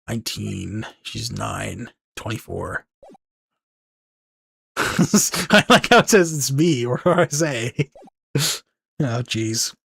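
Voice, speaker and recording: A man's voice: medium pitch, sing-song, very slow, vocal fry, pauses often, a bit bright, slightly rough, no room sound, clean studio sound. Chill guy doing game commentary, joking around. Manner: laid-back and joking. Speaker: let's play host.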